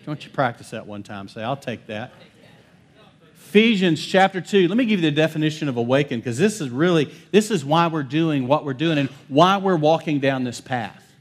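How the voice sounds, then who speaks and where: A man preaching a sermon as pastor. He calls for responses from the congregation, and his delivery swings between loud declarations and soft, hushed lines. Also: fairly high pitch, lively intonation, fairly quick, slightly rough. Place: church service.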